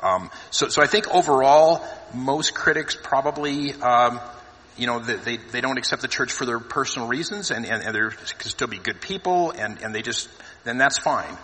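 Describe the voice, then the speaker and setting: A man talking thoughtfully in a relaxed discussion, often repeating words as he gathers his thoughts. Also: medium pitch, normal speed. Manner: hesitant, repeats words while thinking. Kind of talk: casual discussion. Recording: reverberant room.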